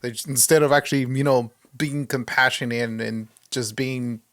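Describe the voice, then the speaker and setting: A man's voice: medium pitch, fairly even intonation, normal speed, no room sound, clean studio sound. Earnest man preaching at home. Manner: earnest, preachy, restarts often. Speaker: podcast host. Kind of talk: sermon-like commentary.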